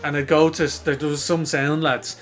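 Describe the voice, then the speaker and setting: Young dublin guy spinning a yarn on a podcast, swears a lot, does the voices, a bit high for a bloke. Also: brisk, faint music behind. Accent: Irish, Dublin. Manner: animated storyteller, swears freely, acts out voices. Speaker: podcast co-host. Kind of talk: casual chat, storytelling.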